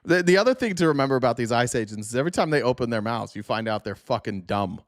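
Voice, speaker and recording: A podcast host talks through news clips with blunt sarcasm and a lot of swearing. His voice sits at a middle pitch and is recorded close with a dry sound and no room echo. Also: lively intonation, fast. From Arizona, USA.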